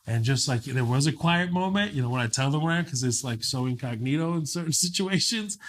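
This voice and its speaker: Animated male comedian telling stories. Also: mid-range voice, slight background noise. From Kuwait. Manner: animated storytelling, swears freely, quick impressions. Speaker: stand-up comedian guest. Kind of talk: casual interview chat.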